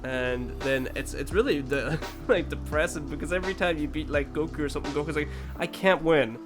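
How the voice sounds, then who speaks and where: A man's voice: on the high side, fairly quick, over music. A young man co-hosting a podcast in casual chat, laughing easily and asking follow-up questions. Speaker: podcast co-host.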